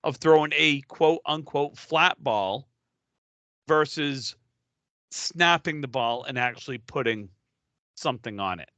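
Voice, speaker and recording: A man's voice: mid-range voice, unhurried, pauses often, pushed and bright, no room sound. A man co-hosting a podcast, bantering casually in an exasperated, joking way. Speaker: podcast co-host.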